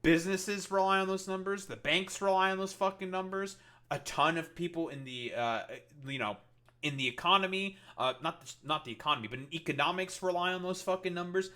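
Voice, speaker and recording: A man's voice: high-pitched, a little fast, bright, forceful tone. Profane, exasperated male commentator. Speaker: political commentator streamer. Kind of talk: reaction commentary.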